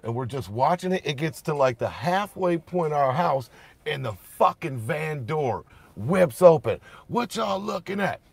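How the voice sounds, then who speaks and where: Gravelly profane man telling stories. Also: a little high, unhurried, dry recording. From Detroit, Michigan. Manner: profane, animated storyteller who laughs often and acts out shouts. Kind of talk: casual storytelling chat.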